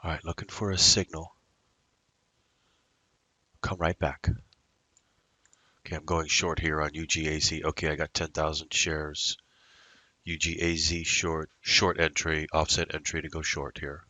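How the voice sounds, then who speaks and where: A man's voice: extremely low pitch, little pitch movement, a little slow, pauses often, bright, forceful tone, dry recording. A man day trading at his computer, narrating his moves in a rambling, casual way full of fillers. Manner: rambling, muttering to himself with fillers. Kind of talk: casual live trading commentary.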